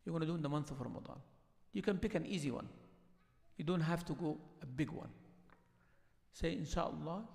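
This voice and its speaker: Earnest imam with gravelly voice, echoing hall. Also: male voice, a little high. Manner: earnest and instructive, repeating points and asking the room for agreement. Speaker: imam giving a talk. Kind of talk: mosque talk to the congregation. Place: mosque hall.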